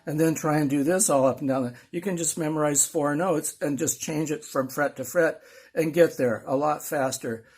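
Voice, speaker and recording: Older guy with a husky voice giving a laid-back, rambling guitar lesson, guitar noodling faint behind. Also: fairly high pitch, steady tone, moderate pace, a little mellow. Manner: folksy, rambling, self-deprecating. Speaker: guitar teacher. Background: guitar playing.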